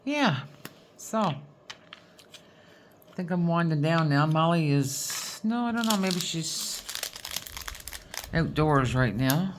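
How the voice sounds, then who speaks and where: Low-pitched and expressive, a Newfoundland woman speaks slowly and pauses often, with a little hiss or hum in the recording. She rambles casually while sorting her diamond painting supplies, folksy in manner and prone to tacking "boy" onto her sentences.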